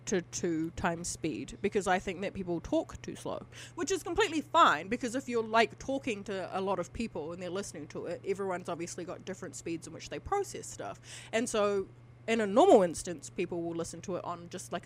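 A woman's voice: on the low side, animated, brisk, slight background noise. A woman co-hosting a casual podcast, rambling, swearing freely and using lots of fillers. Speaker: podcast co-host.

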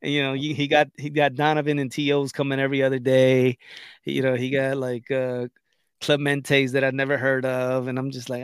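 A smooth, mid-range male voice at a moderate pace belongs to a podcast co-host in easygoing chat. He tells stories with energy and acts out quotes, in a dry, studio-quality recording.

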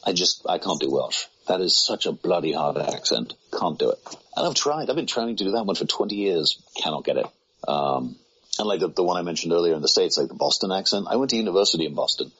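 Male voice actor, extremely low, breathy-husky, rambling self-deprecating chat. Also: big pitch swings, fast talker, a bit bright. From United Kingdom. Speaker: voice actor guest. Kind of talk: casual conversation. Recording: muffled low-fidelity sound.

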